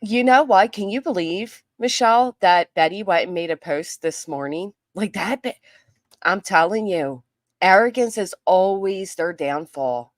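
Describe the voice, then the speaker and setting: A woman's voice: mid-range voice, expressive, unhurried, no echo, clean studio sound. Chatty woman greeting her livestream chat. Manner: chatty, greets viewers by name. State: losing her voice. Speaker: livestream host.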